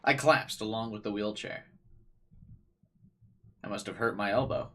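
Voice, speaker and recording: A man's voice: on the low side, normal speed, fairly bright tone. Man reading as a frightened teenage boy. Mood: grim. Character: frightened teenage boy narrating his ordeal.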